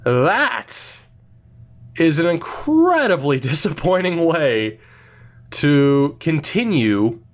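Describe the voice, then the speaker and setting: A young man casually commenting on his hockey video game franchise, playful and self-mocking, with drawn-out pauses. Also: fairly high pitch, big pitch swings. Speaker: gaming video host.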